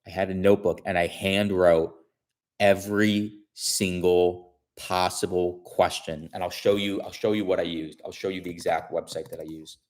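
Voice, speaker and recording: A man's voice: low-pitched, level tone, moderate pace, darkish tone. A man casually telling a long story on his stream. He repeats himself and restarts his sentences often. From Chicago area.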